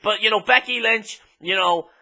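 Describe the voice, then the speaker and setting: Irish guy ranting about wrestling, swears a ton, lots of ums, highish bright voice. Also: normal speed. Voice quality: blunt, sweary, filler-heavy with many ums. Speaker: wrestling show reviewer. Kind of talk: casual profane rant.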